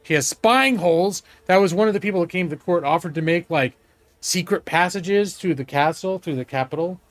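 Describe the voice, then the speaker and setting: A man's voice: high-pitched, brisk, no room sound. A man casually commenting while he plays a strategy game live, swearing now and then and talking to his chat. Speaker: streamer playing a strategy game.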